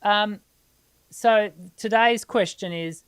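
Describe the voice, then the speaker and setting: An Australian woman, a singing teacher hosting a live question-and-answer stream, explaining in a lively way and laughing easily. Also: medium pitch, slow, smooth.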